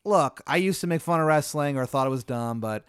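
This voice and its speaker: An easygoing, supportive girlfriend, quoted by a man. She sounds relaxed and approving. The voice is smooth and clear, recorded dry and close. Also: fairly high pitch, brisk, no echo, voice pushed up, lightly acted.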